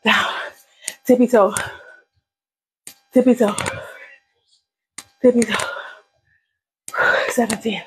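A woman's voice: mid-range voice, a little hiss or hum, rough recording. A woman leading a live workout, counting down reps and cheering viewers on while out of breath. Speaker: fitness instructor.

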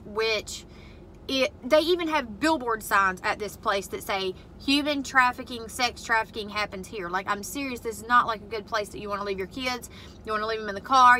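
A mother who vlogs sits in her parked car venting to camera, bluntly and profanely retelling a family fight in a casual vlog. Her medium-pitched voice is brisk, pushed and bright, and the rough recording has a little hiss or hum.

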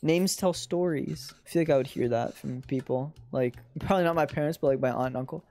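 A young American game streamer talking casually over their play, rambling and laughing often. The voice sits mid-pitch, relaxed and conversational. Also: fast talker. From United States. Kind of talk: casual live-stream commentary.

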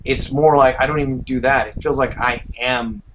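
A man's voice: mid-range voice, fairly even intonation, moderate pace, fairly bright tone. Man, voice actor and teacher, thoughtful, many ums, dull recording, faint hiss. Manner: reflective, rambling with many fillers. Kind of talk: casual interview chat. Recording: slightly dull, muffled audio.

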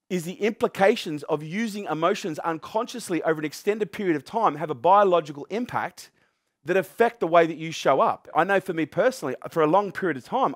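A man's voice: fairly high pitch, expressive, fairly quick, no room sound, studio quality. Emphatic man giving a fired-up talk. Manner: emphatic and profane, asks the crowd questions. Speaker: motivational speaker. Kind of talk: live motivational talk to an audience.

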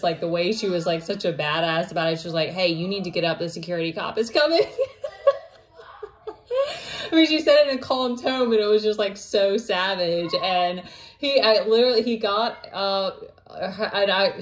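Woman, 30s, casual vlog storytelling, rambling, emotional, slightly low pitch. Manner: rambling, many fillers and restarts. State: emotional, near tears at times. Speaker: vlogger.

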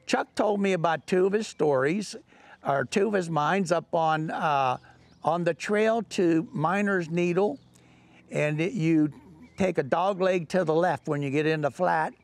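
Gravelly older man spinning a folksy yarn. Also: fairly high pitch, unhurried, no echo. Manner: folksy, rambling with restarts. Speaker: author and storyteller. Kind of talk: telling an anecdote.

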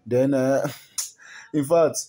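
Nigerian male gossip vlogger, mid-pitched voice, repeats himself, quick chuckles. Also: steady tone, warm tone. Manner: repeats words and stumbles, chuckles often. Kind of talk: chatty celebrity gossip commentary.

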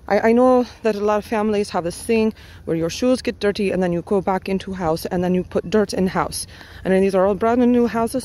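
A woman's voice: medium pitch, warm tone, a little hiss or hum, rough recording. A woman speaking in a put-on Spanish accent, giving a rambling, casual walking tour outdoors and recording on a handheld phone. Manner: chatty, rambling, thinking aloud with many fillers. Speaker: vlogger giving a neighborhood tour. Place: outdoors, walking around a pond in a housing development.

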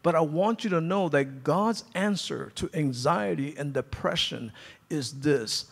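A man's voice: fairly high pitch, a little slow, creaky. A man preaching a sermon as pastor, emphatic, calling out to his congregation. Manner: emphatic preaching, acting out quoted speech; calls to the congregation.

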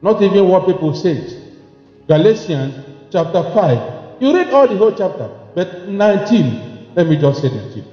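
A man preaching a sermon with emphasis, repeating phrases and moving between soft speech and shouting. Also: sits high, sing-song, moderate pace. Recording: echoey lo-fi hall recording with faint music.

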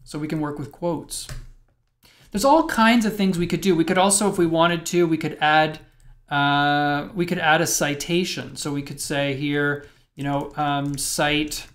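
A man's voice: fairly high pitch, steady tone, measured pace, a bit bright. Man explaining code step by step. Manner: thinks aloud while typing, explaining step by step. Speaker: web programming instructor. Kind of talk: screencast coding lecture.

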